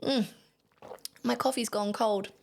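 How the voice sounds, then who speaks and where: A young adult woman, a photographer, casually telling a story to camera in a chatty, animated way, laughing at herself now and then. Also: fairly high pitch, takes it slowly, gravelly.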